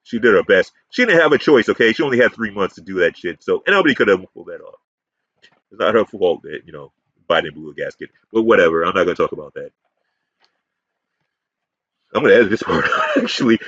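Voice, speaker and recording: A man's voice: on the low side, animated, quick pace, fairly bright tone, dry recording. A man giving a combative, profane, rambling ranting commentary as a YouTube commentator. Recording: dull, muffled sound.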